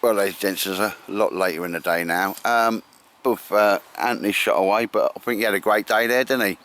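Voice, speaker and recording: A man with a lowish voice talks casually while out in the woods, encouraging those around him and calling them mate and sir. The outdoor recording carries a clear layer of background noise. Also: steady tone, a little fast, a bit bright. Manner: chatty, encouraging, calls everyone mate and sir. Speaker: bushcraft vlogger and host.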